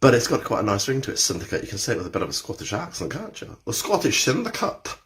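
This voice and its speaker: A man's voice: lowish voice, animated, rapid-fire, a bit bright. Chatty male exercise instructor. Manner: chatty, greets viewers by name. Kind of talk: live-streamed exercise class. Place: indoor room with carpeted floor.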